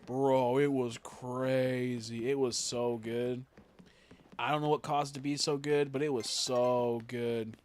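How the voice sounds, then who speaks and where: A man's voice: medium pitch, steady tone, a little slow, a little mellow. Crude joking young streamer guy. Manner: crude, joking, rambling with profanity. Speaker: game streamer. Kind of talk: casual stream chat.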